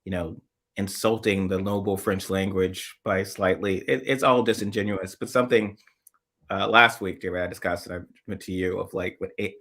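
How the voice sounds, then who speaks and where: A man co-hosting a casual political chat, rambling with many restarts and trailing off quietly. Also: sits low. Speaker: co-host.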